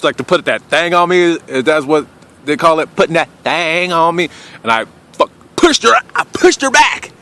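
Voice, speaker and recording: Man, young adult, vlogger, casual rambling storytelling, crude, animated, bright tone. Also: medium pitch. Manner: crude, rambling, trailing off quietly.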